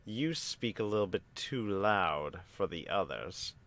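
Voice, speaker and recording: Man playing a grave elf commander for a tabletop game, low voice, slow and stern. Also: lively intonation, full character voice. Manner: commanding, shouts battle cries. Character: grim male elf commander rallying troops.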